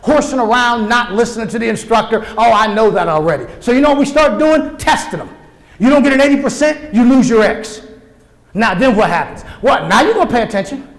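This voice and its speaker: Keynote speaker, male, high voice, preacherly and emphatic, booming hall reverb. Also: animated, fairly quick. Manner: emphatic, preacherly, addresses the crowd directly. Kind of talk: conference keynote speech. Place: large conference hall.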